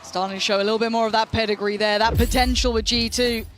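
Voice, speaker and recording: A man casting a tournament match as play-by-play commentator, talking fast and rising to shouts at big plays. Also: sits high, steady tone, over music. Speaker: esports caster.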